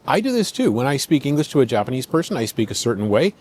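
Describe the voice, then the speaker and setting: American male podcast host, mid-pitched, chatty explainer who numbers his points and voices quotes. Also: very animated, fast talker, darkish tone, slight background noise. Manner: conversational, lists points, acts out quotes. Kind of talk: explanatory commentary.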